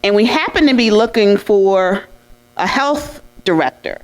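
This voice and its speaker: A woman's voice: medium pitch, measured pace, rough recording. Woman sharing stories at a dinner. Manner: warm-hearted storytelling with laughs and lively quoted asides. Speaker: speaker at an awards dinner. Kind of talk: anecdotal speech to an audience.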